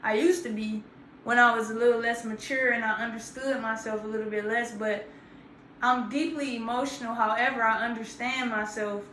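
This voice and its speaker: Woman round 30 storytelling, high n bright, cussing a lot, echoey room. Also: normal speed, a little hiss or hum. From grew up in Georgia, US South. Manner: animated, profane, slangy and emphatic. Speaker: vlogger. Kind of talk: casual storytelling to camera. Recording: roomy echo.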